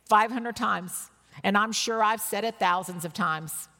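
A woman's voice: medium pitch, measured pace, sharp tone. A woman in her sixties preaching a sermon, telling personal stories earnestly with emphatic bursts. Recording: long reverb of a large hall.

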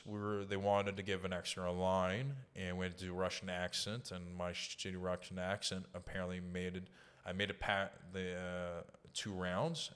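A man's voice: deep voice, a bit bright, clear, resonant tone. A man, a guest on an interview show, telling casual, profane, rambling stories with lots of fillers. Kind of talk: casual storytelling.

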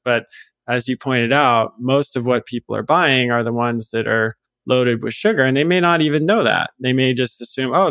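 A man, a guest on a podcast, explaining health topics in a measured way with small restarts. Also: medium pitch, fairly bright tone, no room sound. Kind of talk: conversational podcast interview.

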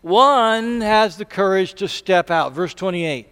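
A man with a high, smooth, resonant voice preaches to his congregation in a church sanctuary. His delivery is conversational, with sudden loud bursts when he acts out a quote. A long reverb trails every phrase. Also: expressive, slow. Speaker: pastor. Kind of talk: sermon.

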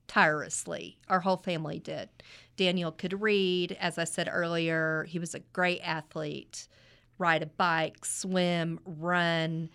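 A middle-aged woman, a podcast guest, telling a family story in a lively way. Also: fairly low pitch, smooth. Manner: animated storyteller, acts out quoted voices. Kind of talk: conversational storytelling interview.

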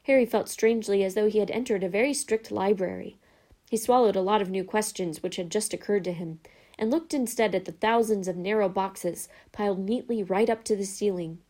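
A woman narrating a storybook in a calm, even reading voice. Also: mid-range voice, brisk.

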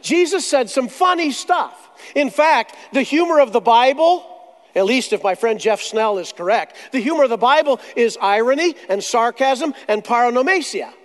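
High-voiced preacher in a reverberant hall. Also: male voice. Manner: animated storytelling with jokes and dramatic pauses. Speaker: pastor. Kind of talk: sermon.

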